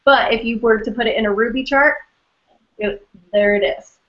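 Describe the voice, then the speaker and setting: A woman's voice: fairly high pitch, steady tone, moderate pace. Woman, casual and hesitant, filler-heavy, muffled call audio. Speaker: team member sharing advice.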